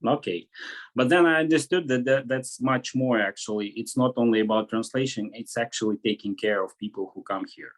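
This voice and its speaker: A man's voice: mid-range voice, a little fast. A man from Ukraine, answering interview questions in a thoughtful way, often searching for words. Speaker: guest, media fixer. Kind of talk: casual video interview.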